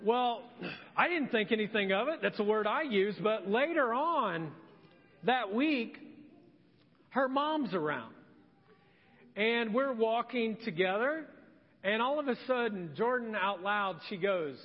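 A middle-aged man preaching a sermon as a pastor, telling stories in an animated, conversational way. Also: very high-pitched, a little slow, husky. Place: church sanctuary. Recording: dull sound with long hall reverb.

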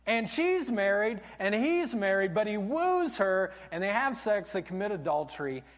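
Pastor guy preaching, high voice swinging all over, long church echo. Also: moderate pace. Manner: animated storytelling, dropping to a hush for emphasis. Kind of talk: sermon. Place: church auditorium. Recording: long church hall reverb.

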